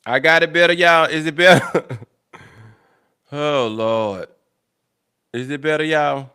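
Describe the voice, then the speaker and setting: Swearing bluntly and loudly at tech problems, a young man chats casually with viewers on his livestream. His voice is on the high side, slow, with a clean tone.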